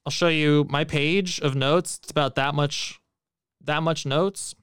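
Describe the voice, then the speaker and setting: A man's voice: on the high side, steady tone, measured pace, a bit bright, smooth, dry recording, studio quality. A man co-hosting a podcast, giving a blunt, profane, emphatic movie critique in casual chat. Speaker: podcast co-host.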